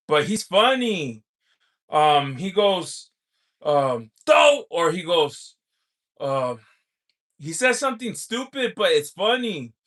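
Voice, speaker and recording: A man hosting a livestream, chatting casually and reading out viewer comments, halting with many pauses and filler sounds. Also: sits high, fairly bright tone. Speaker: livestream host.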